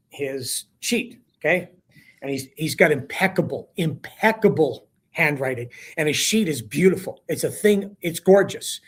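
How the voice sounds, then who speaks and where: Brief: male hockey broadcaster guest, lively raconteur, slightly high voice, talk-show chat. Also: breathy edge. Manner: animated storyteller, acts out quotes with rising voice. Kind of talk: casual storytelling on a sports talk show.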